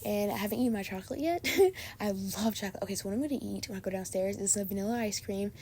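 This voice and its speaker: A woman's voice: mid-range voice, fast talker, mellow, slight background noise. A young woman hosting her own podcast, chatting casually and gushing in a bubbly way, a little sleepy late at night. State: sleepy and tired. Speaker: podcast host. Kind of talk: casual chat.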